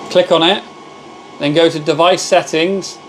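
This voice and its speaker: A man's voice: fairly high pitch, steady tone, unhurried, a little hiss or hum, rough recording. A man hosting a casual live stream from his workshop, chatting with viewers and greeting them as mate. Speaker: livestream host. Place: home workshop with laser machines.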